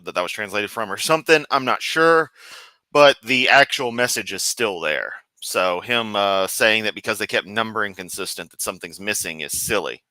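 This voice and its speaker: A man's voice: fairly low pitch, moderate pace, bright, forceful tone, dry recording. A man doing reaction commentary on a clip, making wry, sarcastic quips.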